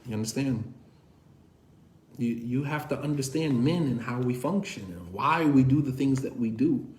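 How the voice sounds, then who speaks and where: A man giving a conversational lecture on marriage, speaking directly to his listeners and asking them again and again whether they understand, with animated, sarcastic storytelling. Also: mid-range voice, normal speed, roomy sound, a little hiss or hum.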